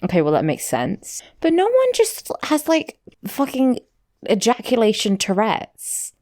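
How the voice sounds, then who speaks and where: A woman's voice: on the high side, wildly swooping pitch, unhurried, a little mellow. A woman co-hosting a podcast, recapping a show in chatty, playful casual talk full of "like". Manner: chatty, uses "like" a lot, playful. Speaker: podcast co-host.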